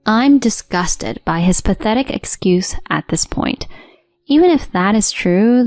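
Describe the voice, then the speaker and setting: A woman narrating her own story in a cool, steady, matter-of-fact manner at a middle pitch. The voice-over is dry and close. Soft music plays underneath. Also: no room sound. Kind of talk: first-person story narration.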